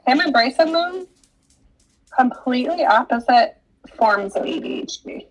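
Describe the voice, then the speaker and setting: A woman in her thirties co-hosting a casual podcast chat, sharing stories about her sons with expressive quotes. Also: high voice, highs cut off. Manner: quick agreeing interjections, expressive when quoting her son. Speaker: podcast co-host.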